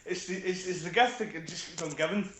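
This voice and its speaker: Man on the call, higher voice, wry, hesitant, echoey room, faint hiss. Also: a little fast, a crowd in the background. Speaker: caller guest. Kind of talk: casual football chat.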